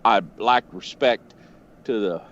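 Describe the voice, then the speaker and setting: A man's voice: lowish voice, takes it slowly. A man telling rambling, profanity-laced stories on a casual podcast call, speaking from home. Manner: profane, rambling, animated retelling. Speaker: podcast storyteller. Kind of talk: casual storytelling. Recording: lo-fi with faint noise.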